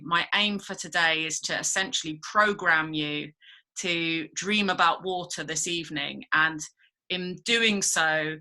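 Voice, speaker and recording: Woman workshop leader on a video call: relaxed, rambling delivery, crisp bright tone. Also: on the low side. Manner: chatty, rambling, many fillers. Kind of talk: casual workshop talk.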